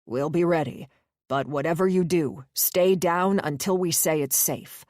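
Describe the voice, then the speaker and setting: A woman voicing a steady male survivor who explains how to use weapons in a calm, instructive way. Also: low voice, unhurried, dry recording, clean studio sound.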